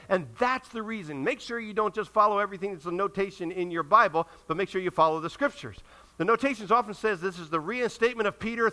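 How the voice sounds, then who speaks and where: A man's voice: high voice, sharp tone. A male pastor preaching a sermon with emphasis, acting out the quoted dialogue as he goes.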